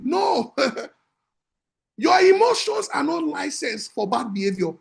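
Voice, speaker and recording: A man, a marriage coach teaching in an emphatic, repetitive preaching style that breaks into shouts. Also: very high-pitched, big pitch swings, measured pace, gravelly.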